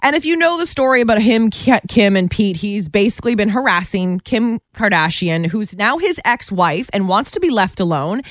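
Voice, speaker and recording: A woman's voice: medium pitch, animated, normal speed, hardly any pauses, dry recording. Woman co-hosting morning radio, chatty and emphatic, dry studio sound. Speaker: radio morning show co-host. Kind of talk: casual radio chat.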